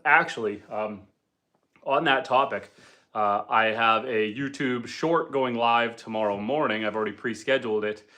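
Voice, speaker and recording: With a medium-pitched voice that sounds bright and forceful, a man from Canada chats casually on his homestead livestream. He reads viewer comments at a moderate pace, ums and uhs often, and sits indoors beside a wood stove fire.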